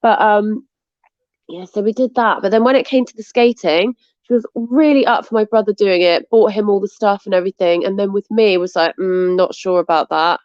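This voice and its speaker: A woman's voice: mid-range voice, a little fast, darkish tone, dry recording. Young english woman, interview guest, chatty, laughs often, dry dull sound. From England. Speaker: skateboarder guest. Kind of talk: casual interview chat.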